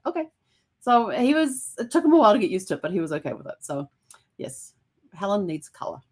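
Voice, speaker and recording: A woman with a somewhat low voice hosts her own vlog in casual storytelling mode. She chats freely, laughs often, and acts out the dialogue in her anecdotes. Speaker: vlog host.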